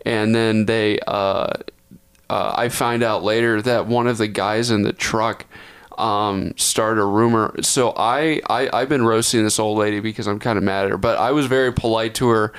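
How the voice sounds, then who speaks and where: A man's voice: on the low side, fairly even intonation, moderate pace, clear, resonant tone. A young man from Texas, a podcast co-host, telling a long story in a rambling, profane way, often correcting himself. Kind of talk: casual storytelling.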